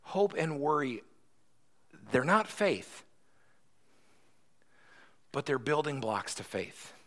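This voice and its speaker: A man's voice: on the high side, sing-song, slow, fairly bright tone. A male pastor giving a conversational sermon, retelling a story and often checking in with "right?".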